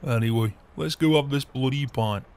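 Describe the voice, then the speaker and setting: A man voicing a gruff, beer-loving older farmer in game roleplay banter, swearing often and chuckling. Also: medium pitch, normal speed, darkish tone, lightly acted. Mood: jovial.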